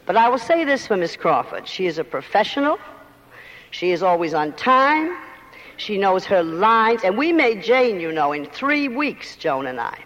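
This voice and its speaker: A woman's voice: medium pitch, big pitch swings, normal speed, fairly bright tone, big-room sound, dull audio. An older woman with a mid-Atlantic accent, a guest talking emphatically and theatrically in a live on-stage interview, often laughing.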